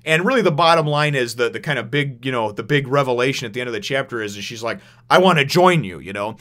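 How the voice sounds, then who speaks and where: A man's voice: medium pitch, fast talker, fairly bright tone. A man giving a casual spoken review, rambling with lots of fillers and restarts, and laughing as he retells scenes. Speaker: manga chapter reviewer.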